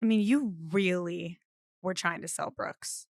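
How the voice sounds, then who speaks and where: A woman's voice: lowish voice, a little slow, vocal fry, no echo. A pregnant young woman co-hosting a podcast in a studio, chatting animatedly and teasing her partner. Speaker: podcast co-host. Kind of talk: casual chat.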